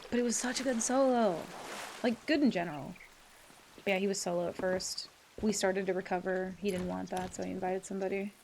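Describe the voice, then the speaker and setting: A woman's voice: mid-range voice, fairly even intonation, fairly quick, vocal fry, a little mellow, slight background noise. A woman live-streaming a game, chatting casually with her viewers, swearing freely and laughing often. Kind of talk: casual live-stream chat while gaming.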